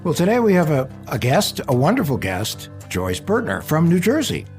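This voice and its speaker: A man hosting a podcast, joking and chatting with a guest in a lively way. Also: on the high side, soft background music. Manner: lively and jokey, quick asides. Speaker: podcast host. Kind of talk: casual podcast chat.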